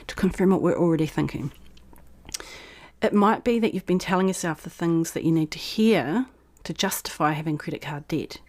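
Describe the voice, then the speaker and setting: A woman's voice: fairly low pitch, a little mellow. A woman vlog host who reads her old blog post aloud in a frank, persuasive way, then reflects on it.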